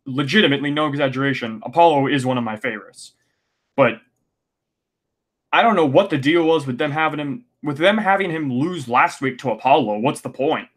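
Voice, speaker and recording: A man's voice: a little high, animated, brisk, a bit bright. A man hosting a casual podcast recap, ranting and exasperated, with frequent fillers and restarts. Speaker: podcast host.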